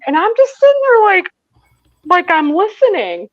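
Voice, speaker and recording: A woman's voice: extremely high pitch, very animated, normal speed, no echo, dull audio. A woman from Michigan, a psychic medium, telling a story as an interview guest, laughing often and acting out the voices she quotes. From Michigan, USA. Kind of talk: animated storytelling in a casual interview.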